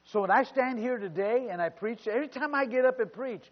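A man's voice: very high voice, a little fast. An older man preaching as a pastor, telling personal stories with fervent, rising exclamations. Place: church sanctuary. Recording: muffled church recording with long reverb.

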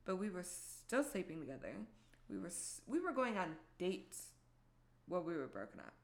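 Gravelly-voiced young woman telling a story. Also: fairly low pitch, big pitch swings, moderate pace. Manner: candid, profane, self-mocking. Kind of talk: casual storytime monologue.

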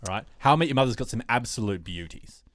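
A man's voice: mid-range voice, animated, fast talker, fairly bright tone, no echo. A man co-hosting a podcast in a casual chat, rambling with lots of fillers as he retells TV scenes. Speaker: podcast co-host.

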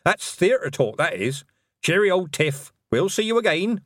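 A man doing a jolly old witch who chatters cheerfully in a hearty, slightly raised voice. Her pitch bounces brightly, and the storybook reading is dry and close. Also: big pitch swings, measured pace, no echo, full character voice.

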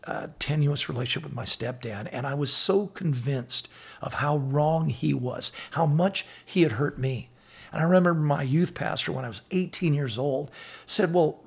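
A middle-aged man appears as a guest on a faith talk show, earnestly sharing personal stories, quoting scripture, and acting out what other people said. His voice is on the high side, creaky, with a breathy edge.

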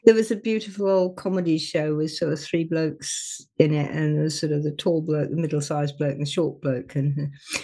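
Laughing, lively middle-aged woman host. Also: low voice, normal speed, breathy edge. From West Midlands of England. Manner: animated, laughs often, does playful voices. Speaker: podcast host. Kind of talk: casual interview chat.

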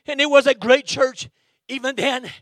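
A man preaching an impassioned sermon in a church, breaking into shouts and dropping "amen" between lines. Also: extremely high pitch, moderate pace, no echo, clean studio sound. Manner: fervent, bursts into shouting, peppers lines with "amen". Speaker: guest preacher. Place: church sanctuary.

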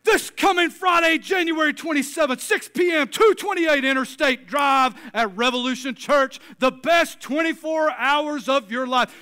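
A man putting on a loud, boastful pro-wrestling promo voice, shouting and drawing out his words. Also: very high voice, normal speed, hardly any pauses, pitched above the performer's own voice. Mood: hyped shouting.

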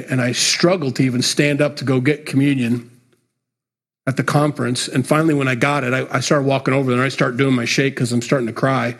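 A man delivers a sermon, his voice slightly husky and rough at the edges. He preaches in an earnest, emphatic way but keeps it conversational, as if talking straight to the congregation. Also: mid-range voice. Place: church.

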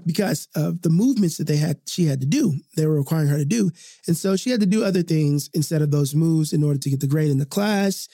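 A man's voice: fairly high pitch, warm tone, no room sound, clean studio sound. A man hosting a podcast, telling a reflective personal story in an earnest, confessional way, with frequent fillers and repeated phrases. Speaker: podcast host.

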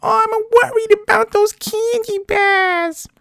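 A man voicing a fretful small-town woman in a squealing falsetto with an exaggerated New Hampshire accent. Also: fairly even intonation, slow, creaky, pushed and bright, no echo, studio quality, exaggerated voice. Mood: alarmed.

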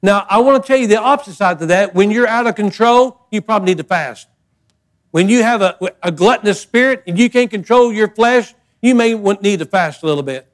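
A man's voice: high-pitched, a little fast. An older man preaching a sermon as pastor, folksy and emphatic, with repeated phrases.

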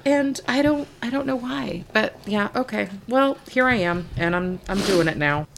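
A woman co-hosting a knitting podcast, telling an animated, self-mocking story about her project. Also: medium pitch, normal speed, gravelly, a little hiss or hum. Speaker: podcast co-host. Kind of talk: casual chat.

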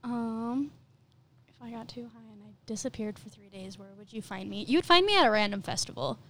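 A woman's voice: a little high, animated, a little fast, fairly bright tone. A young woman co-hosting a podcast, chatting candidly and giggling as she acts out inner voices. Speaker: podcast co-host. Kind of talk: casual chat.

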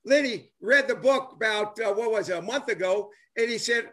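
This older man speaks with a lilt, and his voice sits higher than most men's. His casual chat rambles with enthusiasm, stumbling over fillers and restarts as he chases his point. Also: normal speed, fairly bright tone. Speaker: former ballplayer and author. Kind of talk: casual chat on a live stream.

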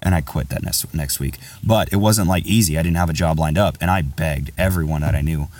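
A man with a very low voice tells a long story on his podcast, loose and candid, often calling his friend "bro." He sits a bit away from the microphone, so the voice sounds slightly distant. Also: fairly quick, a little mellow. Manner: rambling, candid, says "bro" a lot. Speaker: podcast host.

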